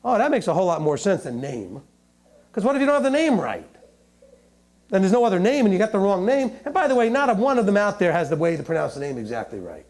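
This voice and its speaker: A man giving a sermon, reading scripture slowly and breaking into jokes and mock voices. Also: high voice. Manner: animated, joking, reads scripture aloud slowly. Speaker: teacher.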